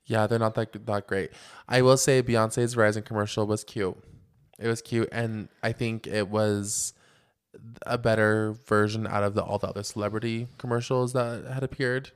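A young man co-hosting a podcast, animated and sassy in casual chat, filling with "like". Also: on the low side, normal speed, clear, resonant tone. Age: young adult. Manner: animated, sassy, many "like" fillers. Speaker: podcast co-host.

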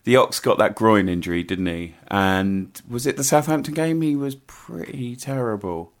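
A man's voice: mid-range voice, moderate pace. A man co-hosting a casual football chat, often hesitant and restarting his sentences. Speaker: football podcast co-host.

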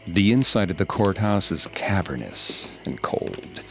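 A man, a podcast host, reading scripted horror narration in a slow, hushed, suspenseful way. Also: sits low, expressive, creaky. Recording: studio narration over faint music.

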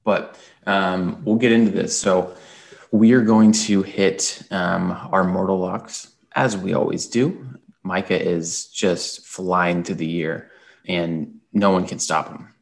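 A man's voice: sits low, steady tone, takes it slowly, gravelly. A man co-hosting a sports podcast, sounding tired from an early morning and talking in a chatty, rambling way. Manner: chatty, rambling, with frequent "um"s and restarts. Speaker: podcast co-host. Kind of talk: casual sports podcast chat.

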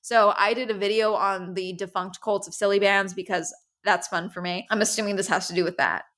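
A woman's voice: mid-range voice, steady tone, fairly quick, a bit bright. A young woman from Southern California hosting a podcast, telling stories in a casual, rambling way and swearing freely. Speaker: podcast host. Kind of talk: casual storytelling chat.

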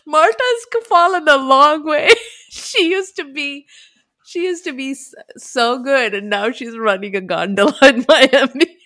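A woman's voice: high-pitched, lively intonation, unhurried, a bit bright. A woman co-hosting a podcast who grew up in India, chatting casually and laughing often. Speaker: podcast co-host. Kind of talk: casual chat.

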